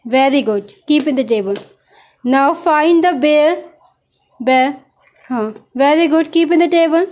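A young mother with a high, slightly mellow voice patiently teaches her toddler animal names. She speaks slowly and coaxingly, praising the child and prompting with questions.

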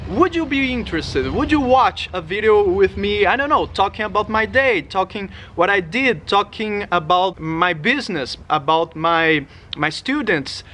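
A man's voice: sits high, sharp tone, slight background noise. A man with a non-native English accent giving a rambling, casual update to his channel's viewers, restarting his sentences often. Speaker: singer and YouTuber. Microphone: studio condenser mic.

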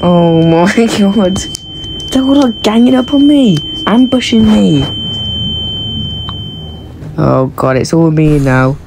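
A woman giving excitable, casual commentary while playing a horror game, yelping, laughing and talking to her teammates. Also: fairly low pitch, slow pace, pauses often, noisy background. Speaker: gaming video creator.

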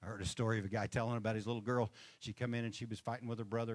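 A man's voice: lowish voice, steady tone, very fast, hardly any pauses, no room sound. A male pastor preaching a conversational sermon from a church stage, checking in with the congregation for amens and chuckling between points. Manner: conversational, asks the crowd for amens.

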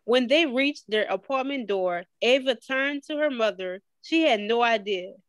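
A woman reading a picture book aloud to children, slowly and expressively, stopping to ask them questions. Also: on the high side, animated, no room sound. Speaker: guest reader.

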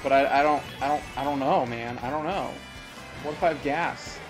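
A man's voice: medium pitch, moderate pace, over music, poor audio. A man hosting casual commentary while playing a racing game, rambling with frequent fillers and self-corrections. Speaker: host.

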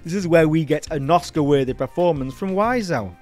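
A man's voice: on the high side, a little fast, a little mellow, soft background music. A man hosting a comedic film review, sardonic, mocking and sweary.

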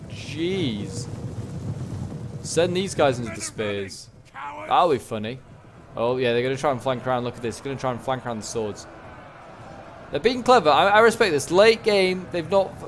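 Guy rambling thru a strategy game battle, excitable, lots of "like", noisy background. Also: mid-range voice. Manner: rambling, excitable play-by-play, many "like" fillers. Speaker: gaming channel host. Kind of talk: casual strategy game commentary.

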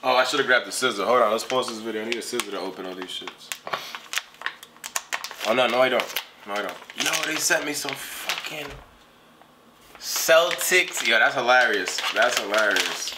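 A young man doing a casual unboxing vlog, talking in an animated, profane way that swings between griping and hype. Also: medium pitch, normal speed, long pauses, background noise. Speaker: vlogger unboxing clothes.

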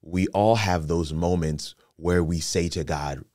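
A man with a very deep voice hosting a devotional, recorded dry and close. He talks casually, repeating and restarting words as he affirms what was said. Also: unhurried, a little mellow, no room sound. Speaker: host pastor.

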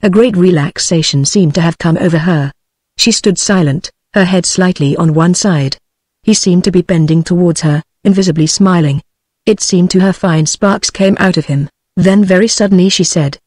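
A computer-generated woman's voice with a British English accent, reading a novel aloud at an even, synthetic pace. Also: on the low side, normal speed, slightly rough, no room sound. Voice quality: synthetic, evenly paced. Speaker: audiobook narrator. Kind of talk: text-to-speech audiobook reading.

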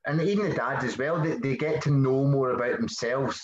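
A man's voice: medium pitch, fairly quick, a crowd in the background. A man with a Scottish accent, a podcast guest chatting casually, rambling and swearing freely. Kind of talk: casual conversation. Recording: roomy, dull lo-fi sound.

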